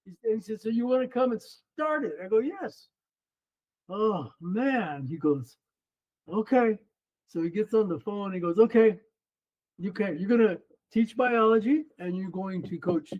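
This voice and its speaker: In an interview, a former runner and coach in his seventies tells a story with animation, acting out the other people in it. His voice is high and his speed normal, and the recording's highs are cut off.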